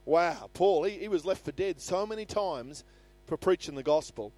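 A man's voice: high voice, animated, normal speed, warm tone. An older man preaching a sermon in an earnest manner, reading scripture aloud with rising emphasis. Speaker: pastor. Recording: faint music behind.

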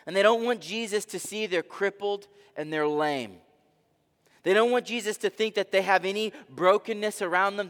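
Man, pastor, dramatic sermon, rhetorical questions, soft to loud swings, high voice. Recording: long reverb of a large hall.

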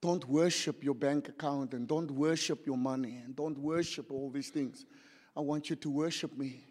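A man voicing God as a calm, fatherly male deity who gently rebukes, speaking low, hushed and measured. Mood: gently rebuking. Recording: long church hall reverb.

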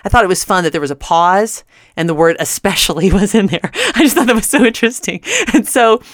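A woman's voice: mid-range voice, expressive, a little fast, dry recording, studio quality. A middle-aged woman hosting a Christian radio show, telling a personal story earnestly and often laughing mid-sentence.

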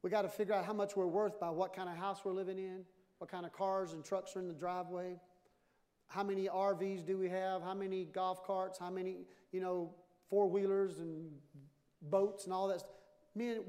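A man in his fifties preaching a sermon with humor, animated and jokey, acting out little dialogues. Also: high-pitched, moderate pace. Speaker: pastor. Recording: long hall reverb.

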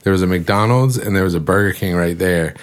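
Very deep laid-back guy from north carolina, wry podcast banter. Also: brisk. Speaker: podcast co-host. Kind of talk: casual chat.

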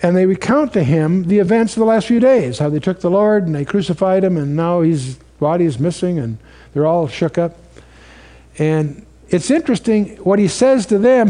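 A man's voice: high-pitched, animated, normal speed, mellow. A man preaching a sermon in a conversational, storytelling way, asking the audience questions.

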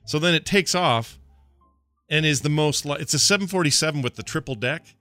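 A man's voice: fairly high pitch, expressive, brisk, bright, forceful tone, faint music behind. A man co-hosting a live morning show, chatting casually, laughing and talking to his chat room. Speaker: podcast co-host.

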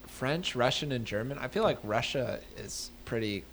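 Bright, playful man with faint noise. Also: mid-range voice, animated, normal speed. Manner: playful, joking. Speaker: podcast co-host. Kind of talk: casual chat. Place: home.

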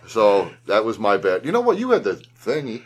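A man's voice: on the low side, huge pitch swings, normal speed, crowd noise. A man hosting a casual podcast, rambling and laughing with lots of restarts. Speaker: podcast host. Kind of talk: casual chat.

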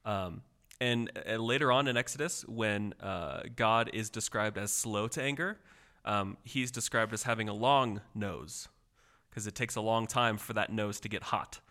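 A man's voice: on the low side, measured pace, bright, forceful tone. A man co-hosting a casual Bible discussion, explaining word meanings with thoughtful hesitations. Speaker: podcast co-host.

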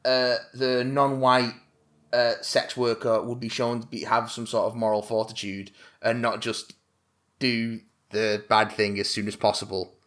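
A man's voice: medium pitch, little pitch movement, measured pace, fairly bright tone. A man in casual film talk, wry and sarcastic in his asides. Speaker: podcast co-host.

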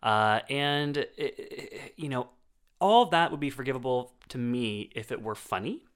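A man's voice: mid-range voice, expressive, unhurried, smooth. A man co-hosting a casual film review podcast, wry and chatty with plenty of fillers. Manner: wry, storytelling, full of fillers.

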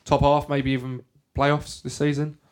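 A man's voice: a little high, little pitch movement, moderate pace, slight background noise. Man hosting a casual football chat. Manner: leads the talk, runs through fixtures with dry opinions. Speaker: podcast host.

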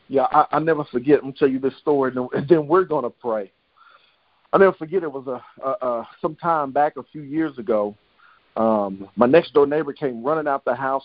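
A man's voice: medium pitch, no echo, lo-fi sound. A man preaching on a prayer line, telling a story and building in rhythmic, repetitive cadences. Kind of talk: sermon with storytelling.

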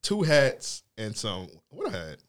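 A man telling a story on a podcast in a relaxed, slangy way, and he laughs a lot. His pitch rises and falls a great deal as he talks, though it sits in a middle range for a man. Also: unhurried. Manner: laid-back slang-heavy storytelling, laughs often. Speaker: podcast host. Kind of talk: casual storytelling chat.

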